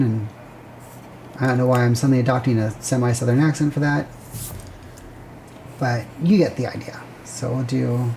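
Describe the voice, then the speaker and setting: Lady streamer rambling as she sketches, mellow voice with lots of vocal fry. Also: extremely low pitch, steady tone, normal speed, slight background noise. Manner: rambling, self-correcting, chatty with viewers. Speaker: livestream host. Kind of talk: casual thinking aloud while sketching.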